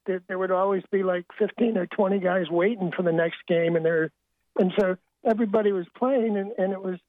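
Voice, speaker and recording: An older man, a sportswriter guest, telling wry anecdotes in a halting way with many restarts. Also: sits high, dry recording. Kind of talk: storytelling interview. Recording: tinny dry phone line.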